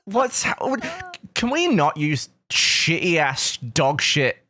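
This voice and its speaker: An English man chatting on a podcast over a remote call, sheepish and quick to giggle. His voice sits fairly high and swings widely in pitch. The sound is dry and close. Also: very animated, bright, forceful tone, no echo. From England. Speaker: podcast co-host. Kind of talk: casual chat. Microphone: remote call mic.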